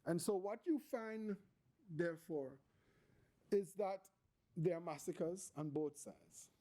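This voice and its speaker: A man giving an academic panel talk, halting and restarting often, with emphatic points. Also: high-pitched, mellow.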